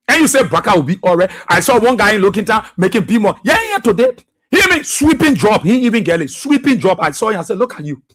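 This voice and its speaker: A man's voice: very high voice, pushed and bright, slightly rough. A man giving emphatic, repetitive political commentary as a radio talk show host.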